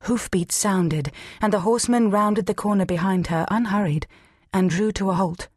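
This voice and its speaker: Husky woman narrating an audiobook. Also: mid-range voice, normal speed, a little mellow, no room sound, studio quality. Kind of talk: scripted narration.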